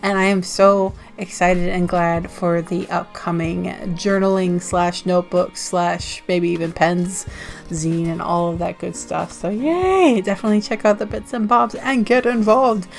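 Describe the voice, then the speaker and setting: A woman's voice: on the low side, steady tone, measured pace, gravelly, soft background music. An American woman chatting casually in a vlog, rambling and laughing often as she goes. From United States. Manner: rambling and giggly. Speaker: zine vlogger.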